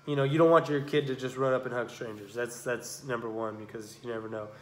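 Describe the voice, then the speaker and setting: A man's voice: medium pitch, little pitch movement, fast talker. A young man co-hosting a podcast, talking casually in a rambling, profane way, full of fillers like "you know what I mean". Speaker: podcast co-host. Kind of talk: casual chat. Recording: echoey room.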